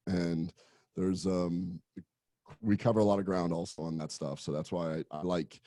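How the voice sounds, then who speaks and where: Deep-voiced easygoing doctor guest. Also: male voice, steady tone, moderate pace, warm tone, dry recording, studio quality. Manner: friendly, easygoing, many fillers. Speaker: gastroenterologist guest. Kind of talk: casual interview chat.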